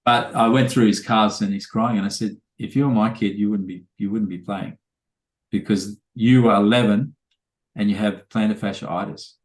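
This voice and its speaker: A man's voice: on the low side, fairly even intonation, moderate pace, reverberant. A man, a trainer telling rambling anecdotes full of quoted dialogue in a casual podcast interview.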